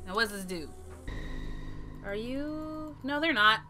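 A woman commenting on a video game she is playing, reacting in an excitable, sassy way. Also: a little high, a little slow, music in the background. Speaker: gamer. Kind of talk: let's play commentary.

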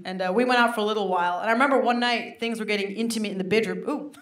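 A woman's voice: mid-range voice, very fast, fairly bright tone. Stand-up woman, self-mocking and chatty, roomy club sound with crowd noise. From England. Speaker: stand-up comedian. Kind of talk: stand-up comedy set. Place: comedy club stage. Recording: roomy live club recording with audience noise.

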